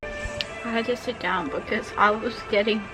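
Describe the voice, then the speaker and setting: A woman's voice: fairly high pitch, measured pace, rough recording. A young woman chatting casually and emotionally as she reacts to an album, gushing about the songs. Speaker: vlogger reacting to music. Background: pop music playing.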